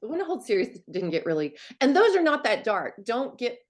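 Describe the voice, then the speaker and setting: A woman's voice: fairly high pitch, sing-song, fairly quick. A middle-aged woman author chatting casually, telling stories and acting out quoted lines with big swings in her voice. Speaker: author guest. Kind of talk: casual chat.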